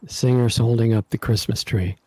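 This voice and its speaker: A man's voice: medium pitch, a little fast, poor audio. A man hosting an online talk show, casually retelling a film scene and acting out what the characters think. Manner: animated, acts out characters' thoughts.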